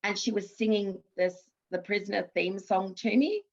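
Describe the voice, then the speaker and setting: With a medium pitch and a slightly mellow tone, this woman talks at normal speed in audio lacking high frequencies. In her fifties, Australian, and once a TV actress, she shares anecdotes casually in an interview, often starting over.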